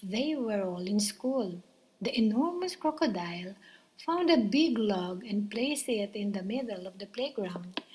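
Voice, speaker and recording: A woman storyteller reading a children's book aloud with soft, expressive narration. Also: on the high side, husky, poor audio.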